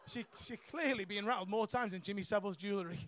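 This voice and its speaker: Man, young adult, high voice, stand-up comedian, brash, sweary, laughs at own jokes. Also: quick pace, noisy background. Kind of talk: stand-up set. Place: comedy club stage.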